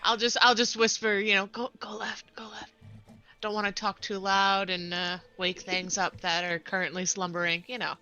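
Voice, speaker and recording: A woman's voice: mid-range voice, little pitch movement, normal speed, few pauses, bright, forceful tone, clean tone, highs cut off, faint music behind. A woman playing in a tabletop game, chatting casually in a playful, giggly way. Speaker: player.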